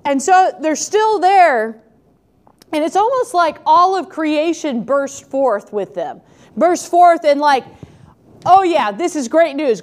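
A woman reading scripture and then preaching in a conversational way, often asking the listener rhetorical questions. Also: sits high. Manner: conversational, asks rhetorical questions, animated when quoting. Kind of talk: scripture reading and reflective sermon.

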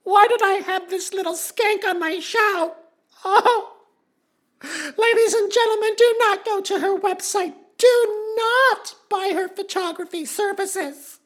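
A performer playing a prim female talk-show host who is secretly an older man, talking slowly and then blowing up into shrieking rage. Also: very high voice, fairly bright tone, full character voice. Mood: wounded. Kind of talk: comedy sketch acting.

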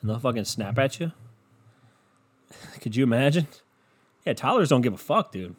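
A man's voice: medium pitch, lively intonation, moderate pace, slightly rough. A man talking casually and alone, rambling and swearing, often trailing off into a mumble. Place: home room with a barking dog.

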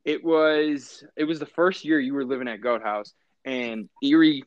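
A man's voice: mid-range voice, fairly even intonation, normal speed, no echo. A young man telling rambling, profane stories in a casual chat. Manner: rambling, profane, laughs mid-story. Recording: dull, dry.

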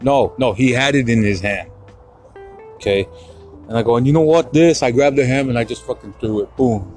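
A male podcast host ranting through a story, swearing freely and getting heated. His voice sits at a middling pitch, and faint music plays somewhere behind him. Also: moderate pace. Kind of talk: casual podcast rant.

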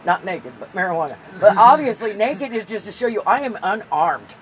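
A man's voice: high voice, very animated, a little fast, a crowd in the background, poor audio. A man co-hosting a podcast with his brother, talking in a loose, profane, rambling and joking way. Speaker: podcast co-host. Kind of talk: casual chat.

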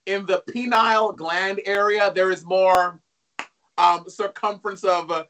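A man's voice: high voice, steady tone, a little slow, bright, forceful tone, slight background noise. A man talking as a guest over a video call, sassy and gossipy, with slangy asides. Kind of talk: casual chat.

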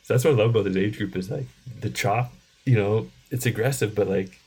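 Gravelly, husky low-voiced man. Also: a little fast. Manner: relaxed, rambling, many fillers like "like" and "you know". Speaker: podcast co-host. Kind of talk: casual chat.

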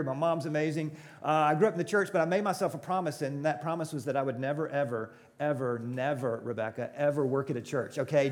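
A middle-aged man preaching a sermon in a church auditorium, telling stories with jokes and asking the audience questions. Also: fairly high pitch. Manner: joking, crowd-engaging storytelling. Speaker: pastor.

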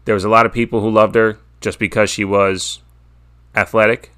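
A man hosting a solo wrestling podcast, loose and opinionated, dropping curse words and circling back on his own sentences. His voice sits a little low, and he keeps the tone of easy, unscripted chat. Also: flat delivery, moderate pace, a bit bright, clean tone. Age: adult, father. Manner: opinionated, profane, rambling with restarts. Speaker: podcast host. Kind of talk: casual solo wrestling preview.

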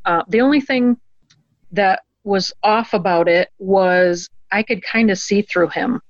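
A woman's voice: medium pitch, no echo, dull audio. Earnest woman telling a personal story. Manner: earnest, halting, many ums and restarts. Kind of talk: conversational storytelling.

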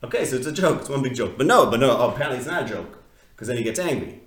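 A man's voice: mid-range voice, animated, racing, fairly bright tone. A man teaching a text study class in a conversational, questioning way, often restarting his sentences. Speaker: Torah teacher. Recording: echoey room.

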